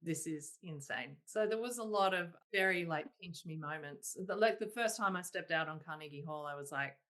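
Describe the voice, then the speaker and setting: A woman, a singer-songwriter guest telling her stories in a casual interview, animated and laughing, quoting herself in exclaimed asides. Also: fairly low pitch, fairly quick. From Australia.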